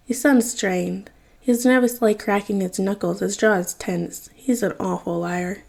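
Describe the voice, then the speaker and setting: Mellow woman reading fanfiction aloud. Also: medium pitch, moderate pace, gravelly. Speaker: podfic reader.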